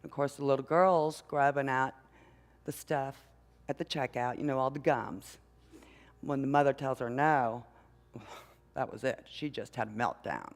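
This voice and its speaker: An older woman, a mother and grandmother, preaching a sermon in a church with an unhurried, conversational manner, often asking the congregation questions. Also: extremely low pitch. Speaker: minister. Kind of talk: sermon with storytelling. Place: church sanctuary. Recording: long hall reverb.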